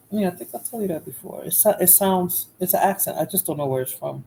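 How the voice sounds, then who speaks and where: A woman's voice: fairly low pitch, expressive, fast talker, vocal fry, warm tone, low-quality recording. A woman hosting a casual livestream, chatting to viewers in chat by name in a drowsy, rambling way. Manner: drowsy, rambling with fillers and restarts. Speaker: livestream host.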